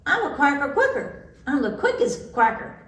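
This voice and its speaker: A woman's voice: high-pitched, sing-song, normal speed, a bit bright, reverberant, distant mic, pitched above the performer's own voice. A woman voicing a boastful male duck in a children's story. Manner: boastful, showing off.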